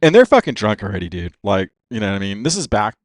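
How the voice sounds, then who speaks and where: Fast-talking, profane storyteller man. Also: lowish voice, dry recording, studio quality. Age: 50s. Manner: profane and animated, says "dude" constantly. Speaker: podcast guest, racer. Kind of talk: casual storytelling.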